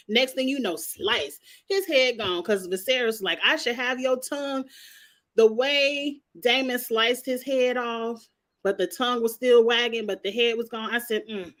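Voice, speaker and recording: A woman's voice: fairly high pitch, moderate pace. Sassy woman recapping a TV episode. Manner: sassy, animated retelling with playful cursing. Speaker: show recap host.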